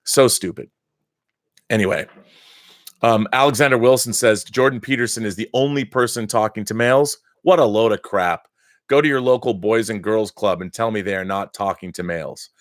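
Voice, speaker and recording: A man's voice: lowish voice, normal speed, no room sound, clean studio sound. A middle-aged man hosting a casual live-stream chat, ranting with strong opinions and frequent restarts. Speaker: host.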